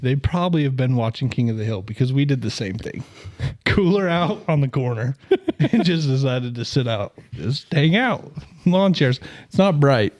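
A man's voice: medium pitch, normal speed. A man hosting a casual podcast, telling a story with bursts of laughter. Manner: animated, laughs through his stories. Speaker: podcast host.

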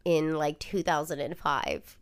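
A woman's voice: low voice, animated, measured pace, clear, resonant tone. A woman co-hosting a podcast, chatting casually in a giggly, self-deprecating way. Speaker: podcast co-host. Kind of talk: casual chat.

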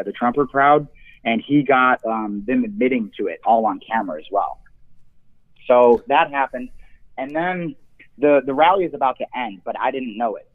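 A young man calling in to a talk show, telling a story in a casual, animated way with swearing and laughs. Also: mid-range voice. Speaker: caller. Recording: tinny phone line.

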